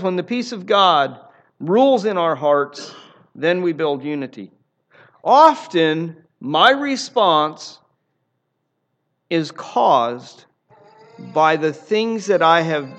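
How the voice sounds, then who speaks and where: High voiced guy preaching a sermon, earnest, repeats himself for emphasis. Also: animated, slow pace, fairly bright tone, highs cut off. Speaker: pastor.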